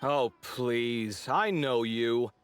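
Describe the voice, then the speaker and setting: An actor voicing a proud, fussy young architect in a video game, expressive and given to exasperated sarcasm. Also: male voice, medium pitch, drawn-out words, clear, resonant tone, soft background music. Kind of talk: game voice acting.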